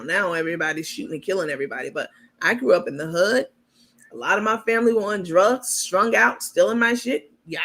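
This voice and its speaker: A woman's voice: mid-range voice, creaky, a bit bright. A woman host talking casually and candidly to her viewers, calling them baby and y'all and bragging on herself. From New York.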